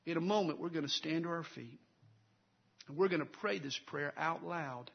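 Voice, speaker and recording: High-voiced preaching man, muffled sound. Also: normal speed, gravelly, husky. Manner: dramatic storytelling, swells loud then drops low. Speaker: pastor. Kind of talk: sermon.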